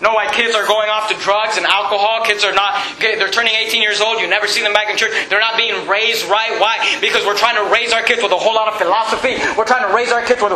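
High-voiced, fiery male preacher. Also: fairly even intonation, fast talker, hardly any pauses, echoey room, noisy background. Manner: emphatic, shouting preacher. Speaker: pastor. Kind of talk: fiery sermon.

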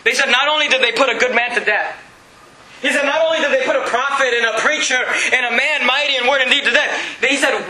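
A man preaching a sermon, retelling a scripture story in animated, conversational storytelling. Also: very high voice, quick pace, roomy sound, a crowd in the background, low-quality recording. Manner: animated storytelling, acting out voices.

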